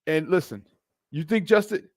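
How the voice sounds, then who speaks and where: Middle-aged guy hosting sports talk, kinda high voice, fired up and repeating himself, dry mic. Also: normal speed, dry recording. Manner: animated and emphatic, repeating phrases for effect; greets chat viewers by name. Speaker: sports talk show host.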